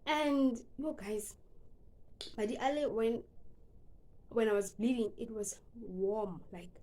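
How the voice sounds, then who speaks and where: A woman's voice: a little high, takes it slowly, warm tone. A young woman from South Africa with a South African accent, telling a personal story in an earnest, emotional vlog style and slipping into casual asides. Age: young adult. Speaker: vlogger.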